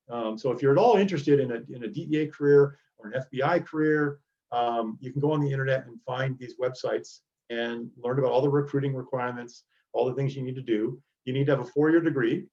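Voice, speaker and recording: A man's voice: medium pitch, fast talker, darkish tone, muffled recording. A middle-aged man, a DEA agent, giving an earnest motivational lecture to students over a video call.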